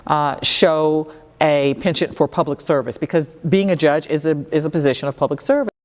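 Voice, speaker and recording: A woman in her sixties with a low voice, telling stories in an interview. She brings the people she quotes to life with her voice. The recording carries a long reverb tail. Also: brisk. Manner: lively storyteller who acts out quoted dialogue. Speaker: federal judge, interview guest. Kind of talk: conversational interview storytelling.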